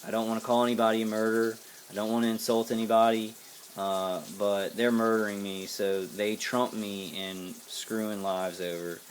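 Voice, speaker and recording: American guy venting on his vlog, low voice, swears a lot, lots of ums and restarts, faint hiss behind. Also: flat delivery, normal speed. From United States. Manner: angry, profane and rambling, with many fillers and restarts. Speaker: vlogger. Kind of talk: casual to-camera monologue.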